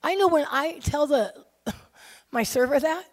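Woman, preacher, sermon, fairly high pitch, animated storytelling, loud then hushed. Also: measured pace. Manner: animated storytelling, swinging from loud excitement to quiet intensity; acts out quoted people in her stories.

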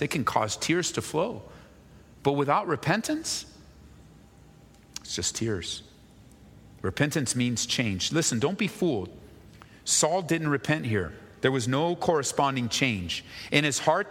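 A male pastor giving an expository sermon, reading scripture slowly and then explaining it with rhetorical questions. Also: medium pitch, fairly bright tone, in a large hall.

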